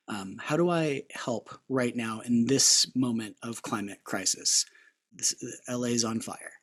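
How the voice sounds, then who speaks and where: A man hosting an interview, asking long reflective questions and wandering off on tangents. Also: mid-range voice. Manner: rambling, reflective questions with restarts. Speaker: podcast host. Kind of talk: conversational interview.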